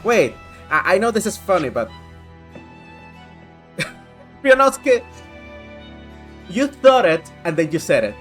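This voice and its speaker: A woman's voice: medium pitch, sing-song, slow pace, pauses often, husky, faint music behind. A woman streamer giving casual, chatty playthrough commentary, talking to herself and to chat.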